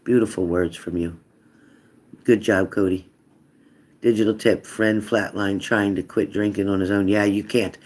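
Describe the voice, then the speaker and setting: A man's voice: on the low side, fairly even intonation, moderate pace, darkish tone. A man hosting a tarot live stream in a casual, chatty way, reading out viewer comments and answering them earnestly.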